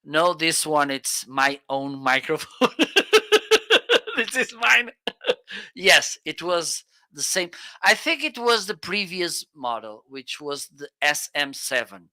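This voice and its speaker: A Portuguese-accented man co-hosts a live shopping stream, speaking slowly into a close dynamic mic. His voice is bright and smooth, and the sound is dry and intimate. He keeps checking in with the audience with an eager "okay?". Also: on the high side, animated, no echo. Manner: enthusiastic, frequent "okay?" check-ins. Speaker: livestream co-host. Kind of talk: casual product review. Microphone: close studio dynamic mic.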